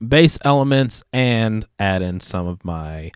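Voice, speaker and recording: A man with a low, smooth voice walks through his work in a relaxed tutorial, filling his sentences with easy little hedges. He sounds close to the mic in a dry, deadened space. His tone is explanatory and unhurried. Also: no echo. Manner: relaxed, explanatory, many fillers like kinda. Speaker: music production teacher. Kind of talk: screen-recorded production tutorial.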